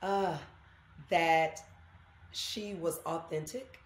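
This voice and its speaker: Animated lower-voiced woman. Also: drawn-out words. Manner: animated storyteller, acts out quoted voices. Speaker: guest. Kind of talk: casual interview chat. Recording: echoey room.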